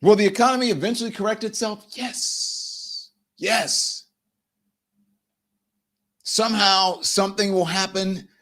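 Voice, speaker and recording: A man's voice: fairly high pitch, fairly bright tone. A man hosting a live political commentary show, talking straight to his viewers and repeating phrases for emphasis. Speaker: show host.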